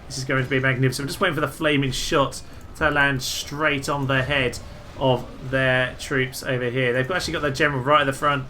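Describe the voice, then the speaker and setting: A young man giving casual, jokey commentary over a strategy game, breaking into loud excited exclamations. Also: mid-range voice, fairly quick, slight background noise. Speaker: gaming video host.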